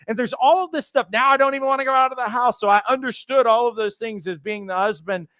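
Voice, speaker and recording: A man teaches would-be coaches in an animated motivational talk, slipping into the voices he quotes. His voice sits high and comes across smooth and resonant. The sound is dry and close, with no room in it. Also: no echo. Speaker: life coach trainer.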